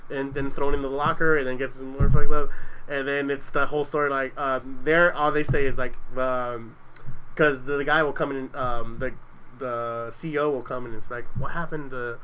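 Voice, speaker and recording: A man's voice: medium pitch, level tone, moderate pace, bright, forceful tone, a little hiss or hum, rough recording. A young adult man telling stories in casual chat, rambling and profane, with lots of restarts.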